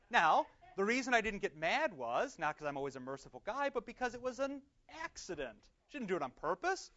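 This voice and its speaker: A male pastor leads a Bible class with a high, lively voice. He keeps putting questions to the group and answering them himself. He slows down for readings, and the recording sounds dull and lo-fi. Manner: slows down to read prayers aloud.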